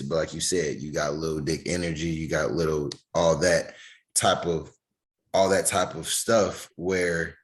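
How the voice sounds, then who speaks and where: A man co-hosting a casual podcast, retelling conversations and quoting what others told him. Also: very deep voice. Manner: storytelling, relays friends' words in quoted dialogue. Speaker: podcast co-host.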